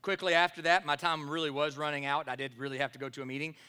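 A man's voice: a little high, little pitch movement, fast, pushed and bright, clear, resonant tone. A man, a pastor preaching a sermon and telling a personal story, acting out the dialogue with animation.

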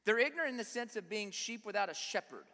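A man's voice: high-pitched, lively intonation, fast talker, pushed and bright. A man preaching a sermon, speaking emphatically and often putting rhetorical questions to his listeners. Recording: long reverb of a large hall.

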